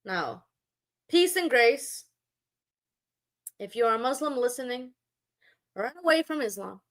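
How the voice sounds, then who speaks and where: A woman's voice: fairly high pitch, lively intonation, measured pace, a bit bright. A woman live-streaming, talking back to her chat in a sarcastic, mocking and scolding way. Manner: scolding, lecturing.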